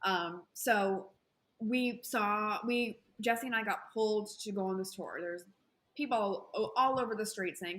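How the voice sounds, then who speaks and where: A woman with a Southern American accent, animated and chatty as she tells a travel story on a podcast. She slips into the voices of the people she quotes and keeps the tale moving. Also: mid-range voice, moderate pace. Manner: animated, acts out quoted dialogue. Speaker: podcast co-host. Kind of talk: casual storytelling chat.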